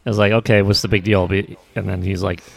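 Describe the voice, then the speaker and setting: A man co-hosting a podcast, trading relaxed banter and laughing often. His voice is fairly low, with a gravelly edge. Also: fast talker. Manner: laid-back banter with laughs. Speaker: podcast co-host. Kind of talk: casual podcast chat.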